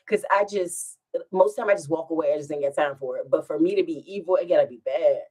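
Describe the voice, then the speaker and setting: A woman's voice: low voice, a little fast. A woman vlogger, chatting casually at home and telling a rambling story with frequent laughs. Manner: animated, rambling, laughs often.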